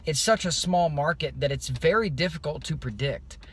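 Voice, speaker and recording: A man giving a casual, rambling video update, loose and unscripted, with many pauses and restarts. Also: fairly high pitch, a bit bright, husky. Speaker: crypto vlogger.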